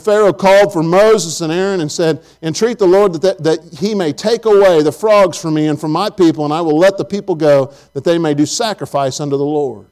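Middle-aged preacher, man with a high voice, folksy, animated storyteller. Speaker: pastor. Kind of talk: sermon.

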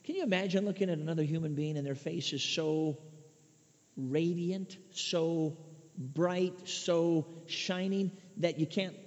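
A man from Chicago preaching a sermon, emphatic, swinging between loud declarations and hushed asides. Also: on the high side, a little slow. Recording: dull lo-fi sound with long reverb.

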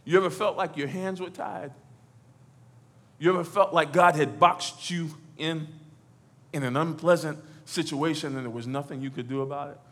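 In church, a man preaches a lively, animated sermon at normal speed, swinging from near shouts down to low, quiet lines. He stammers into repeats and adds playful asides.

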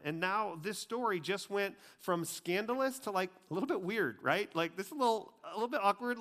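A man preaching a conversational sermon, chatty and full of asides, dropping to a hushed, grave tone for serious points. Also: high-pitched. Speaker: pastor.

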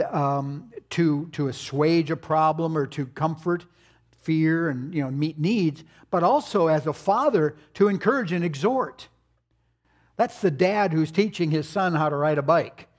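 A man's voice: fairly high pitch, a little mellow. An older man preaching a sermon, telling folksy family stories with playful asides. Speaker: pastor.

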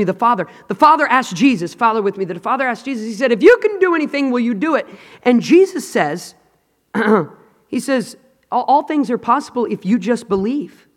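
Impassioned male preacher, high-pitched voice, cries and whispers, long church reverb. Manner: impassioned preaching, swings between shouting and hushed whispers. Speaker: pastor. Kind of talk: sermon.

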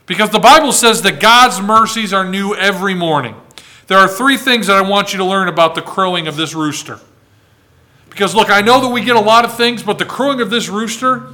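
A man from the United States preaching a sermon, reading scripture aloud and swinging between raised, dramatic lines and hushed, slow ones. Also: sits high. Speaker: pastor.

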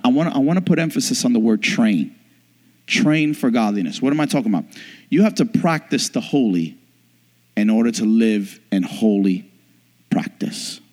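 A man's voice: mid-range voice, a little mellow. A man preaching a sermon as pastor, emphatic, with frequent rhetorical questions to the congregation. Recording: long hall reverb.

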